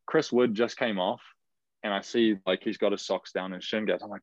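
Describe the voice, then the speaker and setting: A young professional footballer in his twenties with a New Zealand accent is a guest in a casual interview, heard through dull, lo-fi video call audio with no room sound. His voice is on the low side and steady; he's chatty, tells stories, laughs often, and uses many fillers and restarts.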